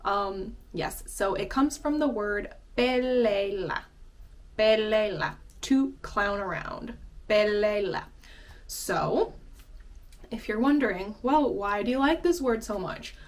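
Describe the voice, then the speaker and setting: A woman's voice: medium pitch, lively intonation, takes it slowly. A young woman giving a casual vocabulary lesson, chatty and giggly, laughing often between explanations. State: out of breath. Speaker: language teacher.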